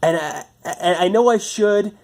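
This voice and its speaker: A man's voice: sits high, vocal fry. A man venting about his home life in a personal monologue, stammering through restarts and swearing often. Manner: halting, stammering restarts, frustrated. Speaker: vlogger.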